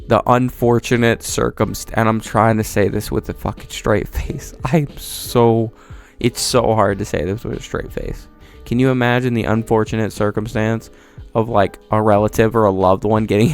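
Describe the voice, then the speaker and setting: A man's voice: on the low side, steady tone, normal speed, smooth, soft background music. A young man giving a profane, rambling comedic monologue with mock disbelief. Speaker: video creator.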